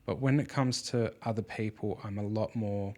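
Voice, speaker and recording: A man who is a father hosts a podcast, talking casually and rambling with lots of fillers and restarts. His voice is fairly low and darkish, with a steady tone at normal speed.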